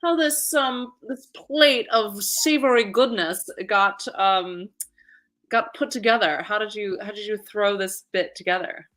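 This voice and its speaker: A woman's voice: medium pitch, unhurried, fairly bright tone. A woman hosting a casual chat, enthusiastic, asking her guest questions with frequent restarts. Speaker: host.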